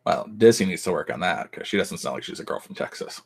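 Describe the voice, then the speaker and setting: A man's voice: low-pitched, lively intonation, quick pace, vocal fry, breathy edge. A man hosting a casual podcast, joking around and swearing freely. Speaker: podcast host. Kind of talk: casual chat.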